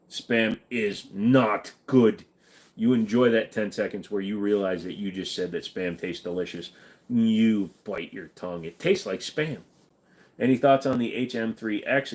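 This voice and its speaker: A man hosting a casual livestream, reading viewer questions and answering them in a relaxed, chatty way. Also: fairly low pitch. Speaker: livestream host reading chat.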